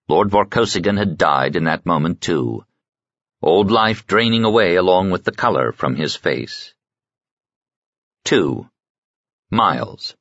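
A man with a very low voice reads an audiobook in a measured, somber way. The recording is dry, with no room around it. It also sounds a little dull and lo-fi. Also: fairly bright tone, dry recording. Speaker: audiobook narrator. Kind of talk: scripted narration.

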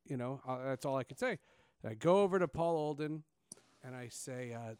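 A man's voice: medium pitch, a little fast, clean tone, no echo. A man, hosting a casual interview and telling stories with lots of fillers and restarts. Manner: animated storyteller, many fillers and restarts. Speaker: podcast host.

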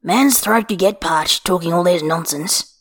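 Woman as a gruff, easygoing man; offhand, amused storybook figure. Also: lowish voice, unhurried.

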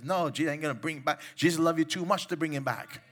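A man's voice: on the high side, quick pace, few pauses, fairly bright tone. A man preaching a sermon, exhorting his listeners with emphatic commands and mimicking the people he mocks.

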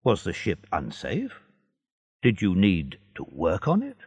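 Kindly old-school ship owner, read by a man, slow, husky gravelly voice. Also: low-pitched, huge pitch swings, a little mellow, no room sound, muffled recording, voice pushed down, heavily acted. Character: older male ship owner, kindly and warm.

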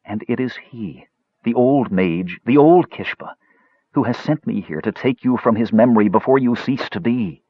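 A man voicing a calm, earnest hero. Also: mid-range voice, normal speed, husky, dry recording, natural voice. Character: earnest young half-elf man, calm and urgent. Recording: dull lo-fi audio.

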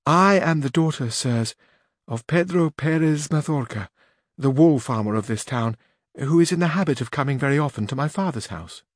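A man's voice: mid-range voice, expressive, moderate pace, dry recording, studio quality, voice pushed up, close to an everyday voice. A man reading aloud voices a shy young noblewoman in disguise who speaks in modest, tearful confusion. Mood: tearful pleading.

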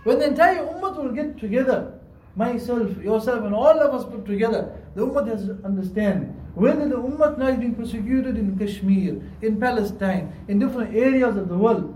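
A man's voice: very high-pitched, expressive, fairly quick, darkish tone. A man giving a Friday sermon as imam in a mosque, earnest and repetitive, weaving in Arabic and Urdu phrases. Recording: echoey hall, distant mic.

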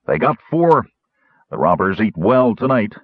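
A man's voice: on the low side, sing-song, a little slow, no room sound. A man voicing a blunt, commanding middle-aged herd leader, on a dull lo-fi recording.

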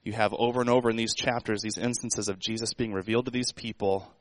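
A man's voice: lowish voice, fairly even intonation, fast talker, no echo, rough recording. A man preaching a sermon in a conversational way, asking the congregation rhetorical questions. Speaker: pastor.

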